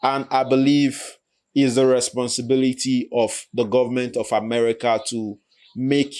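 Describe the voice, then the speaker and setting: A man hosting a channel, giving his measured opinion in reaction commentary. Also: mid-range voice, a little mellow.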